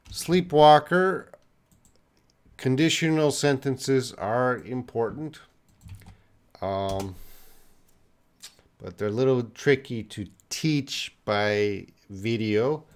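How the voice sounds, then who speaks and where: This Canadian-accented man teaches English over a live stream, fielding questions from the chat. He speaks in a mid-range voice and explains things patiently using simple words.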